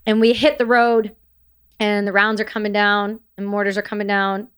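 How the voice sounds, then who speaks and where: A woman, a military veteran and podcast guest, recounting war memories in a halting way, with restarts and blunt swearing. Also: mid-range voice, level tone, a bit bright, clean tone.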